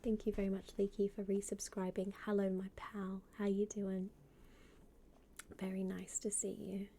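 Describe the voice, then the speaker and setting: A woman streamer chatting casually with her viewers, greeting them by name and often dropping into a soft half-whisper. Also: medium pitch, monotone, normal speed, a little hiss or hum. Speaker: live streamer. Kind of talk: casual live-stream chat.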